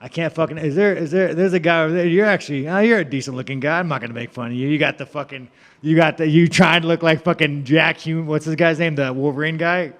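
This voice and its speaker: A man's voice: on the high side, steady tone, fast, long reverb tail. A man, a fighter answering reporters, talking in a brash, profane, rambling and joking way. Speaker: fighter at a press event. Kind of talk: media scrum answers.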